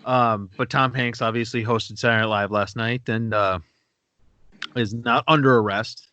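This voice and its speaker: A man co-hosting a podcast in loose, rambling chat, full of swearing and asides. His voice is bright and forceful, and it sounds dry and close to the mic. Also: medium pitch, fairly even intonation, moderate pace, dry recording, dull audio. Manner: rambling, profane, laughs at his own stories. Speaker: podcast co-host. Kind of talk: casual podcast banter.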